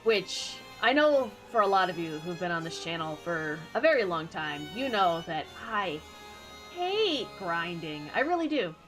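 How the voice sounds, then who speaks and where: A woman's voice: on the low side, very animated, unhurried, music in the background. A woman streamer giving casual, playful and self-mocking commentary while playing a game.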